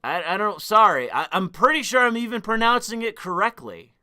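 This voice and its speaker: A man's voice: sits high, sing-song, sharp tone, smooth. A man live-streaming, talking at length and arguing with his chat, swearing freely and combative. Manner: profane, combative, quick to argue with chat.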